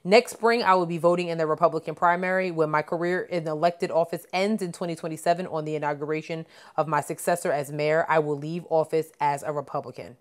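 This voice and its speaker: A woman's voice: low-pitched, fairly even intonation, fast talker, hardly any pauses. A woman podcast co-host in casual chat, reading news items aloud and adding blunt asides.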